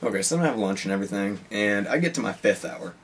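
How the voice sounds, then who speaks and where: A teenage boy rambles through a story from his school day. He says "like" and "you know" constantly. His voice sits low and a little husky, and it comes from some way off the mic. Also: lively intonation, quick pace, distant mic. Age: teens. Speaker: high school student. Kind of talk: casual storytelling.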